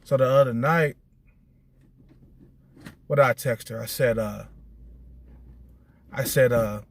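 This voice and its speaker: A middle-aged man talking casually and bluntly, swearing often and repeating "you know what I'm saying," his voice climbing high and animated when he retells others' words. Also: measured pace, gravelly, long pauses, dry recording. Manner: animated, rising high when quoting texts. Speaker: vlogger. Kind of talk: casual monologue.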